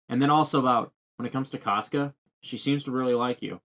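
A man co-hosting a podcast, telling stories animatedly in a casual chat. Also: mid-range voice. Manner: animated, quick storytelling. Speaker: podcast host.

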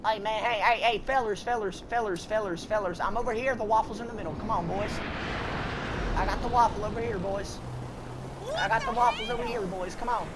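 A woman gamer talking loud, goofy and profane in online party chat, drawling "y'all" and "feller". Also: mid-range voice, brisk, noisy background. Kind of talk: rowdy party chat while gaming.

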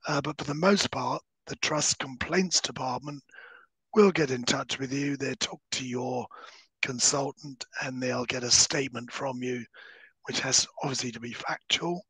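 Hoarse, husky man explaining. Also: mid-range voice, fairly bright tone, no echo, rough recording. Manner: measured, explanatory, dips into breathy near-whispers. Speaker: solicitor giving legal advice. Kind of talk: webinar presentation.

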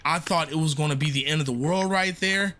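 A man's voice: on the high side, fairly quick, sharp tone, slight background noise. A young man doing casual let's-play commentary, jumpy and slangy, exclaiming often. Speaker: gaming streamer.

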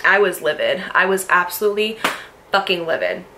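Heated, bright-voiced young woman. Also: on the low side, very animated, fairly quick, slight background noise. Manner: heated, blunt and profane; confrontational, rhetorical questions. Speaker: storytime vlogger. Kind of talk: casual storytelling.

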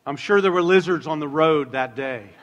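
A middle-aged man preaches from the pulpit in a relaxed, conversational way. His voice is bright and sits a little high for a man, and it rings out with a long echo through the church hall. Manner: conversational, jokes with the congregation, slows down to stress words. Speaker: pastor. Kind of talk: sermon. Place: church sanctuary.

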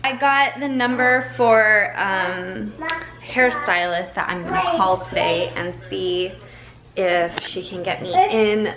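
A woman's voice: medium pitch, expressive, takes it slowly, a loud crowd. A woman filming a home vlog, talking in sing-song baby talk to her toddler and chatting to viewers. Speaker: vlogger mom.

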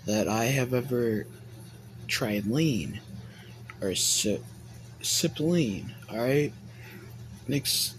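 A man's voice: medium pitch, darkish tone, slight background noise, poor audio. Rambling young man telling a story. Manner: rambling, heavy swearing and filler words. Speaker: vlogger. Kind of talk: casual storytime monologue.

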